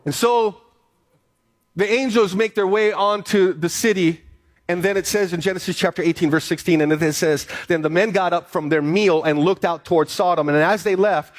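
A man's voice: a little high, normal speed. A man preaching a sermon as pastor, reading scripture aloud and then driving points home with emphatic repetition.

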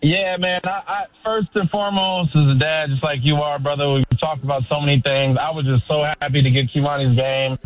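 Excited male caller on a tinny phone line. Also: a little high, a little fast, few pauses, soft background music. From Sacramento, California. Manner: effusive, rambling, calls host brother. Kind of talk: excited sports call-in chat.

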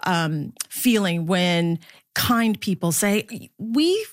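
A middle-aged woman sportscaster from the Philippines talks as an interview guest. Her voice sits a little low and is recorded dry and close. She is animated and laughs often. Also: unhurried, no room sound. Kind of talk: interview conversation.

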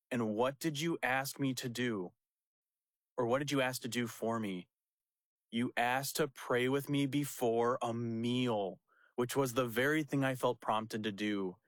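A man's voice: medium pitch, dry recording. A young man, a pastor, telling a story in casual chat and acting out the quotes with laughs. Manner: animated, laughing storyteller who acts out quotes.

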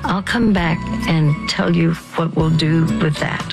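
Slow, gentle woman teaching scripture. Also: sits low, over loud music, poor audio. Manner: slow, halting, with restarts. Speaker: radio ministry host.

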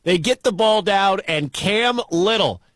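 Man, play-by-play radio caller, high and lively, dry booth sound, shouts at big moments. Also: a little slow, no echo. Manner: excitable, erupts into shouts at big plays. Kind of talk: live radio football commentary. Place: stadium broadcast booth.

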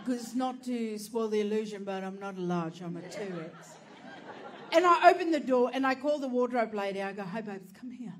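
A woman's voice: a little high, expressive, fairly quick, a faint crowd. Brash, profane woman comic. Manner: brash, profane, laughing through punchlines. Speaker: comedian. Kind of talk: stand-up comedy storytelling.

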